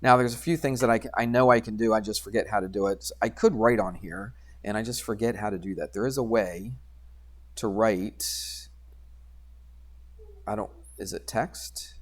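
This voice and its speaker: A man's voice: fairly low pitch, moderate pace. Guy teaching a geometry class, chatty, jokes about himself, keeps asking the kids if they get it. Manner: chatty, self-deprecating, asks the class questions. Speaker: math teacher. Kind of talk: classroom lecture at a computer.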